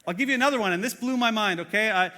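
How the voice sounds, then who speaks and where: A man's voice: high-pitched, very fast, pushed and bright, big-room sound. A man preaching a sermon as pastor, earnest and conversational, with many fillers and questions to the congregation. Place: church auditorium.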